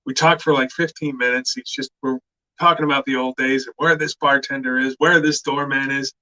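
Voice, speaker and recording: A middle-aged man telling stories in a casual chat, animated and loud when he acts out what others said. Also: medium pitch, fairly quick, low-quality recording. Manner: animated storyteller who shouts out quoted lines. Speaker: guest actor.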